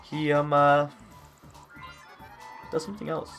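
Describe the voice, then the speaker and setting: A young man with a somewhat high voice tells a story in a rambling, profane way, slipping into the voices of the people in it. Soft game music plays behind him. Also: completely flat delivery, takes it slowly. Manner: rambling, swears freely, acts out quoted speech. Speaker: co-host. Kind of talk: casual gaming-video storytelling.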